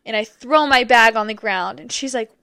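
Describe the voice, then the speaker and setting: A woman co-hosting a faith podcast in casual chat, soft-spoken, reacting often and trailing off. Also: fairly high pitch, moderate pace, gravelly, no echo, clean studio sound. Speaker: podcast co-host.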